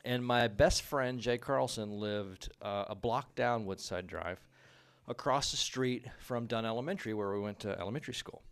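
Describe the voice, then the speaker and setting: Smooth-voiced man telling a story. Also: mid-range voice, moderate pace. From Texas. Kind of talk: comedic personal story.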